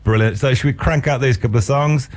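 A man hosting a casual chat, hesitant, repeating words and filling pauses with ums. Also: medium pitch. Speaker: host.

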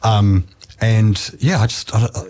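A man's voice: lowish voice, fairly even intonation, unhurried, a little mellow. A male radio guest chatting casually, rambling with chuckles and hesitant restarts.

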